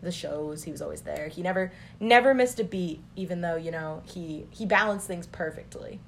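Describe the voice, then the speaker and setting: A woman's voice: on the low side, normal speed, creaky, slight background noise. A young woman telling family stories in casual chat, rambling with many filler words.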